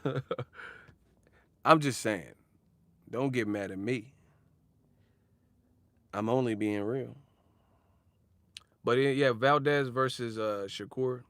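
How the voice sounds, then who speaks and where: A man's voice: mid-range voice, slow pace, long pauses, fairly bright tone, no echo. A young man ranting in slang for a casual boxing vlog, swearing and laughing as he talks. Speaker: boxing commentary vlogger. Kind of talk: casual rant.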